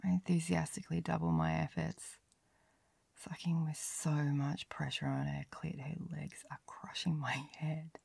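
A woman's whispered role-play, delivered as an intimate first-person narration. Her low voice has a heavy gravelly fry and lots of breath, sighing between lines. The sound is dry and close, with no room around it. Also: a little mellow, no room sound. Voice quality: breathy whisper with frequent sighs. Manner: slow, lingering, intimate first-person storytelling.

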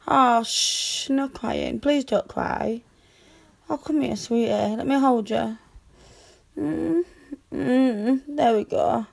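Young woman, girlfriend comfort role-play. Slightly high, unhurried delivery with a gravelly fry, tender and reassuring. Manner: soothing, tender, reassuring, with soft hushing.

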